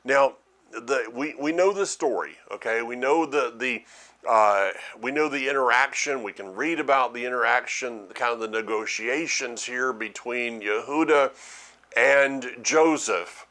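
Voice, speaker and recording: Halting, earnest man teaching. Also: medium pitch, sharp tone. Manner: halting, repeats words while thinking aloud. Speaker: ministry teacher. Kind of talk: sermon.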